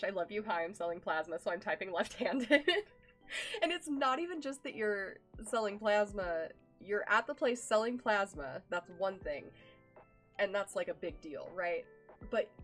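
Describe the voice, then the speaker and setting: A woman's voice: mid-range voice, a bit bright. A young woman streaming live, chatting casually with her viewers in a gushing, affectionate way, full of ums and likes.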